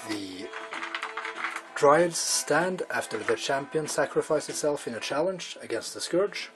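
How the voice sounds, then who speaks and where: A man with a slightly raised voice narrates a tabletop wargame battle report, recapping each turn step by step. Clear music plays underneath him throughout. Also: a little high, lively intonation, unhurried, rough recording. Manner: recaps turns and questions his co-player.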